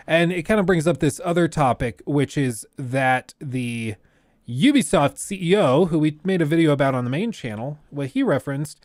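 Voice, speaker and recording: A livestream host ranting bluntly in casual commentary, his voice leaping up and down with animation. He sits a little high for a man. The sound is dry and close, with no room echo.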